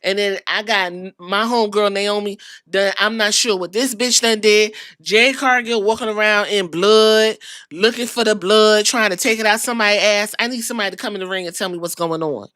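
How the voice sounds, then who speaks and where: A woman podcast host giving a sassy, animated wrestling recap with slang. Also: mid-range voice, brisk, dry recording, clean studio sound.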